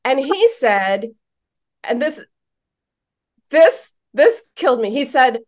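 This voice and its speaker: A woman psychotherapist telling a story in a podcast interview, animated, emphatic and frank. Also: sits high, slow pace.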